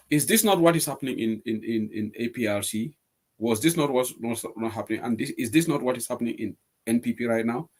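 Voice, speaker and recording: A man's voice: mid-range voice, brisk. A man with a Gambian accent hosting an online current affairs show, reading out viewer comments and arguing his points. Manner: animated, reads out viewer comments and argues points. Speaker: host.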